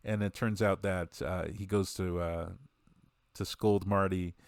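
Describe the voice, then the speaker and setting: A man on a podcast gives a rambling, casual recap of a movie. He laughs often and acts out the quotes. His voice is very deep, and the close mic sounds dry. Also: fairly even intonation, a little slow, no echo. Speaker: podcast co-host.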